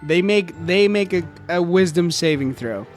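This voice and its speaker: A man playing a tabletop role-playing game, playful and quick to laugh. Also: sits high, lively intonation, faint music behind. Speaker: player.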